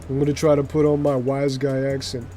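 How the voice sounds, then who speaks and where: Chatty New streamer, mellow voice. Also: male voice, medium pitch, a little fast, soft background music. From New York City. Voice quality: chatty and animated, heavy use of filler words. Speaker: game streamer. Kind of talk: casual live-stream commentary.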